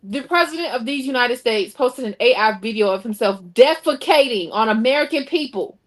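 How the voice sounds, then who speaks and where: A woman with a high voice speaks in an impassioned, emphatic way on a talk panel. She often repeats words and restarts sentences while making her point. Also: lively intonation, brisk. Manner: emphatic, repeats herself, rising indignation. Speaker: co-host of a local talk show. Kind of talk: passionate panel discussion.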